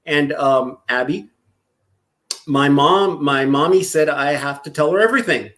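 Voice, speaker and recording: Speaking unhurriedly in a high-leaning, slightly bright voice, a Los Angeles, California native hangs out on a live stream. He reads out the chat, tells crude jokes, and keeps laughing.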